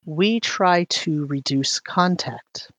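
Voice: mid-range voice, takes it slowly, fairly bright tone. A game master voicing a haughty woman ruler who gives curt, guarded answers and turns questions back on the asker. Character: haughty evasive woman ruler of an island city. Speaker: queen.

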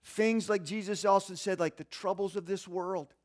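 High-voiced, animated male preacher. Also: moderate pace. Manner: animated, acts out quoted voices. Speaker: pastor. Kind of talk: sermon.

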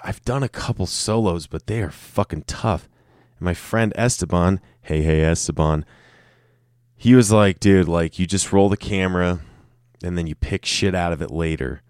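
A man in his thirties from Colorado talks through a solo podcast in a very low voice. He rambles, mocks himself and swears freely. The sound is close and dry, with no room echo. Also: moderate pace, darkish tone, smooth. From Colorado, United States. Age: 30s. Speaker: podcast host. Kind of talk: casual solo podcast monologue. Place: room with a camera and light set up.

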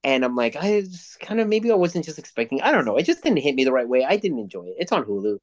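A young man rambles through movie reviews in casual podcast chat, swearing freely and getting animated as he tells a story. His voice sits at an ordinary middle pitch for a man. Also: fast. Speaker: podcast co-host.

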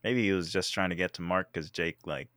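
Low-pitched guy joking around in casual chat, dry sound, playful grumbling. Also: fairly quick, a bit bright, no room sound.

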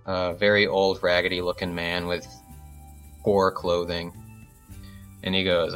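A man's voice: low-pitched, completely flat delivery, unhurried, long pauses, fairly bright tone, soft background music. A man narrating a tabletop role-playing game as game master, casual and full of fillers, over a video call.

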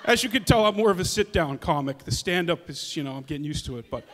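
A man's voice: on the high side, lively intonation, fast, fairly bright tone, slight background noise. A man in his thirties doing a stand-up comedy set, chatty and self-deprecating with some hesitations. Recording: long hall reverb.

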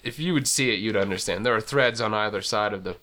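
A man co-hosting a podcast, telling a rambling story in casual crude chat with many halting restarts. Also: lowish voice, bright, forceful tone. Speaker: podcast co-host.

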